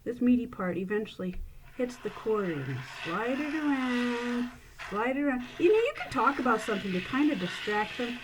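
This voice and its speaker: A woman's voice: a little high, sing-song, a little fast. A woman librarian casually walking viewers through coin tricks, chatty and playful, laughing at her own slips. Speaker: librarian demonstrating magic tricks. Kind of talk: casual how-to demonstration. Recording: noisy room with clicks.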